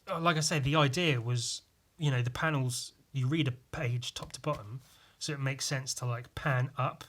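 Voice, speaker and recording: A man's voice: medium pitch, fairly bright tone. A young man casually talking over his old comic, self-mocking and swearing. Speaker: vlogger. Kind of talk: casual commentary.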